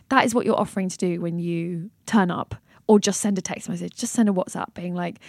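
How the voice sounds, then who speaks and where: A woman talking as a podcast guest, passionate and animated, swearing and laughing as she goes. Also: medium pitch, fairly quick, no echo, clean studio sound. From Britain. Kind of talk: casual chat.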